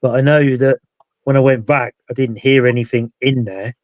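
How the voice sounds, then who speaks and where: A man's voice: medium pitch, fairly even intonation, normal speed, darkish tone, no echo. A British man hosting a casual live paranormal chat, rambling and restarting his sentences. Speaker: paranormal investigator and show host. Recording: dull dry lo-fi sound.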